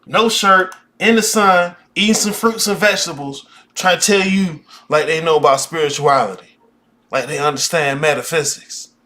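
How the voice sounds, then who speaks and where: A man's voice: on the high side, fairly even intonation, normal speed, pushed and bright. A man teaching a magic class, talking bluntly and profanely in a casual rant.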